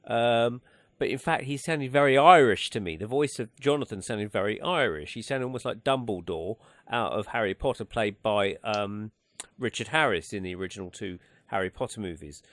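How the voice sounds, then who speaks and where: A man's voice: fairly low pitch, moderate pace, fairly bright tone, dry recording. A man hosting a radio talk show, rambling and hesitant with many restarts. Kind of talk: casual radio chat. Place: radio studio.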